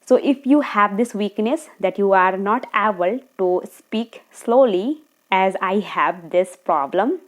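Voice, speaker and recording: A woman giving earnest, encouraging speaking tips straight to camera, talking fast at times and checking in with her viewers. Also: medium pitch. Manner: talks fast, sometimes slows down deliberately. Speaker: English-speaking coach. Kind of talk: tutorial monologue to camera.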